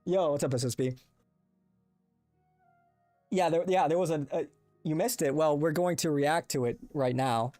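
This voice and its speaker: A man's voice: fairly high pitch, moderate pace, pauses often, warm tone, dry recording, faint music behind. A young man hosting a casual livestream, rambling and swearing as he chats with viewers into a desk mic. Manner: rambling, profane, talks to chat. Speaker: livestream host. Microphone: desk microphone with compressor.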